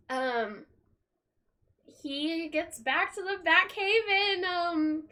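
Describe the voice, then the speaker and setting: A woman's voice: extremely high pitch, pushed and bright. A young woman streamer in casual chat, rambling, swearing often and laughing between thoughts.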